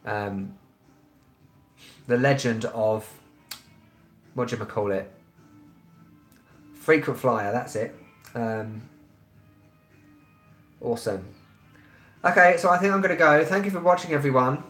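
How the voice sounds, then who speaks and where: A man's voice: mid-range voice, a bit bright. Rambling London man in an echoey room. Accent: London English. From England. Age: 30s. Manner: rambling and blunt, heavy with ums. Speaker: travel vlogger hosting a live stream. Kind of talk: casual live-stream chat.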